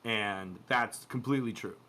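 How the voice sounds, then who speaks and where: A man co-hosting a podcast, chatting casually about crew life and acting out quoted dialogue in lively bits. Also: on the low side, normal speed, a little hiss or hum. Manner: animated, acts out quoted dialogue. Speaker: podcast co-host, former cruise ship youth staff. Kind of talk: casual storytelling chat.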